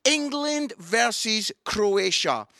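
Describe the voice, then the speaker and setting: A middle-aged man with a Scottish accent, telling jokes and stories in an animated comic Easter talk before reading from the Bible at home. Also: sits high, slow, vocal fry, no room sound, studio quality. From Scotland. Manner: animated storytelling with jokes and voices. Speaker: Christian comedian and preacher.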